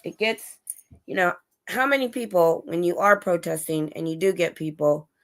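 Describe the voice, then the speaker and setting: A woman with a somewhat low voice hosts a casual late-night livestream from her home. She talks loosely and chattily, restarting her sentences as she goes. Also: expressive, moderate pace. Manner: chatty, talks to her dogs between topics, many restarts. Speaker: livestream host. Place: home, dogs in the room. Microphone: livestream setup.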